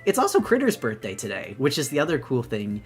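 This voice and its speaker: A young woman chatting excitedly on her debut live stream, bubbly and gushing, rambling with lots of restarts. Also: very deep voice, quick pace, soft background music. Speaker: VTuber streamer.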